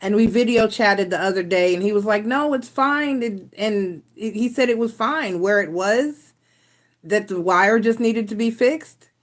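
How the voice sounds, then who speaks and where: A woman chats casually on her live stream and talks through her frustrations in a rambling way. She often starts over and trails off with sighs. Her voice sits at an ordinary middle pitch. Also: normal speed. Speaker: tarot reader and live stream host.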